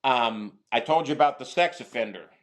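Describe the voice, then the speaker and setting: A middle-aged man appearing as a guest on an interview show tells a long prison story, halting and rambling with many restarts. His voice is mid-range.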